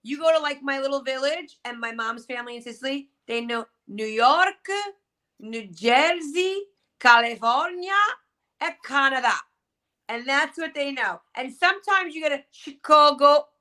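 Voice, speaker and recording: A woman's voice: high voice, normal speed, bright, forceful tone. A woman talking casually as a panelist, emphatic and joking, often repeating words for effect. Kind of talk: casual podcast chat.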